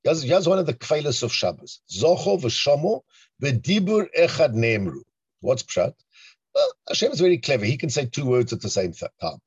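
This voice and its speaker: A man teaching a Torah class in an animated, emphatic way, often asking rhetorical questions. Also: medium pitch, fairly quick, breathy edge, dry recording. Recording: dull lo-fi recording.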